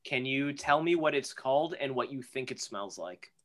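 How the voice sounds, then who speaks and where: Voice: medium pitch, expressive, normal speed, a bit bright. A podcast co-host making dry, joking asides in casual chat.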